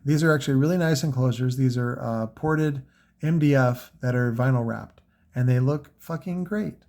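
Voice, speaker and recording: A man's voice: medium pitch, normal speed, a little mellow. A man talking casually and loosely about gear he sells, with lots of fillers and swearing. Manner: rambling, frequent fillers and profanity. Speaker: car audio seller reviewing products. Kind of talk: casual unscripted product talk.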